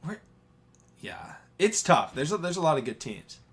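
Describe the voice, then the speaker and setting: Bright-voiced man in casual sports chat. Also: on the high side, big pitch swings, moderate pace, breathy edge. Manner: rambling, hesitant, laughs often. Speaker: podcast co-host.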